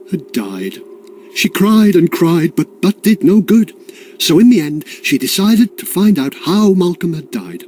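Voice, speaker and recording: A man's voice: sits high, dark tone. A man narrating a children's history story in a playful, sing-song way.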